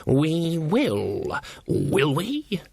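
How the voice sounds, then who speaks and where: A man voicing a stern old female witch who speaks in a slow, icy, sarcastic way. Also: on the high side, wildly swooping pitch, gravelly, darkish tone, slightly rough, no echo, clean studio sound, pitched above the performer's own voice, full character voice.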